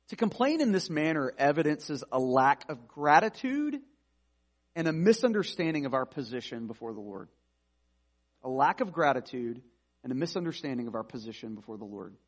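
A man preaching a sermon to a congregation, talking directly to them and restarting his phrases as he thinks aloud. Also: on the high side. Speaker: pastor.

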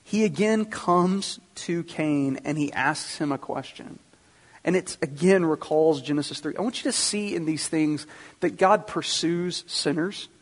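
A man's voice: fairly high pitch, a little slow. A man preaching a sermon, teaching earnestly and speaking directly to the congregation. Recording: long reverb of a hall.

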